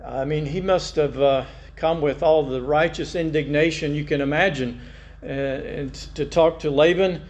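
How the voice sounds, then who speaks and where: Man preaching a sermon, slightly high voice. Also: fairly even intonation, moderate pace, a little mellow, lo-fi sound. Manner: conversational, musing, reads scripture aloud. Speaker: pastor.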